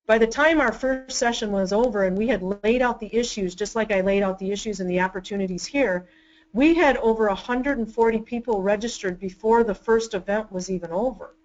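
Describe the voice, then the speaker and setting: A woman department chair presenting a webinar, telling stories with energy and quick restarts. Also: mid-range voice, darkish tone, dull audio. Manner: enthusiastic, storytelling with quick restarts. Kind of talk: webinar talk.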